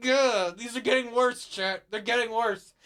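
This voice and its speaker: A man's voice: very high voice, steady tone, moderate pace, a bit bright, smooth. A man streaming a video game, joking and swearing freely as he comments on it, over game music. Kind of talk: let's-play commentary.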